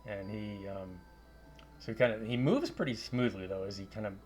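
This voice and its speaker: Brief: male game master, lowish voice, halting narration, soft music bed. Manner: halting, many fillers and restarts.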